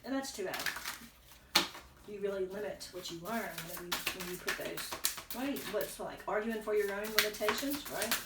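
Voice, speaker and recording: A woman's voice: medium pitch, normal speed, very noisy. A woman giving a casual tarot reading, rambling and correcting herself as she thinks aloud while chewing gum. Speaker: tarot reader. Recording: echoey room, distant from mic.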